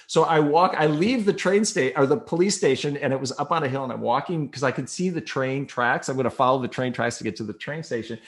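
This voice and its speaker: Middle-aged male storyteller, rambling and animated, mid-pitched voice, casual personal anecdote. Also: a little fast, few pauses. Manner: rambling, animated retelling with quoted inner thoughts.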